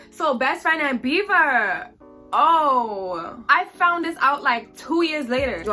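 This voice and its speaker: A young woman telling a story on her vlog in a chatty, animated, slangy way. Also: sits high.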